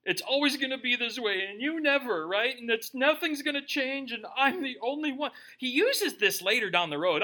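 Guy pastor preaching, high bright voice, jokey and chatty, keeps asking "right?". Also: expressive, moderate pace, hardly any pauses. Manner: conversational and joking, with rhetorical "right?" tags. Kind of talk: sermon.

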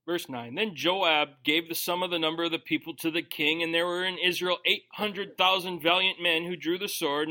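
A male pastor with a high, bright voice preaches a sermon in a casual, conversational way. He jokes with the congregation and slips into quick little voices for the people he quotes.

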